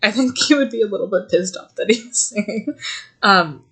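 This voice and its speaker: A woman's voice: mid-range voice, a little fast, a bit bright, husky. A young woman co-hosting a podcast in casual chat, giggly and rambling, swearing freely. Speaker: podcast co-host.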